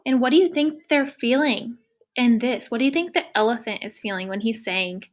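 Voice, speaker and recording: Woman teacher doing a picture book read-aloud for little kids, patient, tons of questions, kinda high voice. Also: normal speed. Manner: patient, asks many questions. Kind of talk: reading a picture book aloud to young students.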